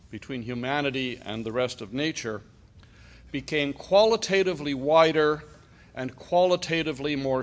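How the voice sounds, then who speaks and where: A middle-aged man from Canada speaks from a conference stage in a voice pitched a little high. He lectures deliberately and leans hard on key words. His delivery is that of a political speech. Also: a bit bright.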